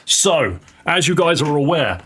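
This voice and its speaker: A man's voice: on the high side, sing-song, a little slow, fairly bright tone, breathy edge. A man chatting casually on a live game stream, rambling, joking and swearing as he goes. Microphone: headset.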